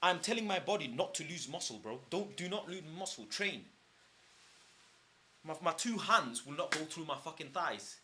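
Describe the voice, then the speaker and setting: A man's voice: a little high, animated, moderate pace, bright, forceful tone, slight background noise. A man streaming casually, boastful and heated, swearing a lot and using street slang. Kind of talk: casual livestream chat.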